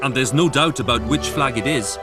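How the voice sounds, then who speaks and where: Welsh male documentary narrator, measured and earnest, over clear music. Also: medium pitch. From Wales. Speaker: documentary presenter. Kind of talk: scripted narration. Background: background music.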